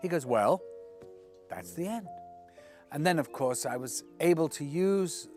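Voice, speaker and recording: A man's voice: fairly high pitch, lively intonation, measured pace, a little mellow, soft background music. Guy telling stories in an interview, doing little voices for the people he quotes. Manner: acts out quoted dialogue with shifting voices. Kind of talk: anecdotal storytelling.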